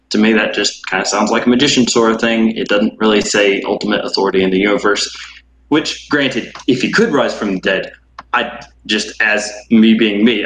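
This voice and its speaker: A man's voice: on the low side, a bit bright. A man hosting a casual conversation, thoughtful and questioning, hedging his points. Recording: echoey room with faint background noise.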